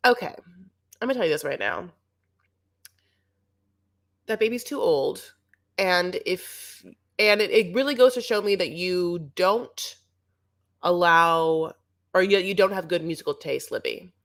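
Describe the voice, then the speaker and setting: A woman's voice: on the low side, a little slow, long pauses, a bit bright. A young woman co-hosting a TV recap show, chatting casually in a sarcastic, rambling way. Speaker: co-host of a reality TV recap show. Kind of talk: casual chat.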